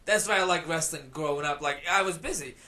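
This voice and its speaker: A man's voice: fairly high pitch, brisk, sharp tone. A man who fights professionally, chatting as a podcast guest in a rambling way with lots of fillers and laughter. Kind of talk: casual chat.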